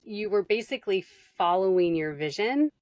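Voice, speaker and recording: A woman's voice: medium pitch, animated, normal speed, darkish tone, no echo. A woman hosting a podcast, chatting casually and responding with affirming, emotional remarks. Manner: affirming, emotional, "you know" fillers. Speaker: podcast host. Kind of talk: casual interview chat.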